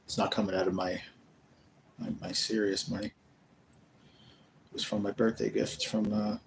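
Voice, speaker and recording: A man's voice: on the low side, flat delivery, normal speed, vocal fry, a little hiss or hum, rough recording. A man hosting a casual live stream from a rehab facility room, rambling as he retells conversations.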